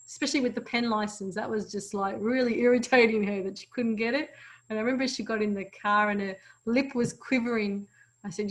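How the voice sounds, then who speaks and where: A woman's voice: on the high side, expressive, brisk, a bit bright, poor audio. A woman co-teaching a parenting course, sharing stories from home and laughing between points.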